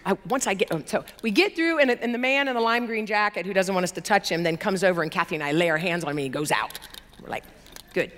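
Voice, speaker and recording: A woman's voice: medium pitch, quick pace. Lady preacher telling a funny story, acts out everyone, big echoey hall. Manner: animated, laughing, acts out quoted people. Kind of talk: sermon with storytelling. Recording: long hall reverb.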